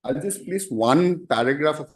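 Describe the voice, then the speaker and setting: Man, advocate in court, formal, halting, slightly high pitch. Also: lively intonation. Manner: formal, halting, addresses the bench as "my lords" constantly. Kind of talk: courtroom argument.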